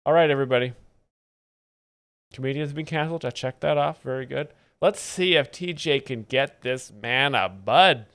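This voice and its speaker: A man hosting a live comedy stream, giving casual, sardonic, deadpan commentary. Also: mid-range voice, normal speed, clear, resonant tone.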